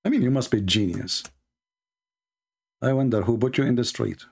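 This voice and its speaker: A man's voice: mid-range voice, normal speed, creaky, darkish tone, husky. A man giving mocking, polemical commentary as a religious debater, sarcastic and taunting.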